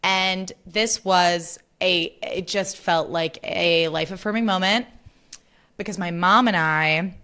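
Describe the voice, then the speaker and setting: A woman's voice: fairly low pitch, fairly even intonation, slow, sharp tone, clear, resonant tone. Young woman host, bubbly chatty delivery, casual swearing, solo podcast chat.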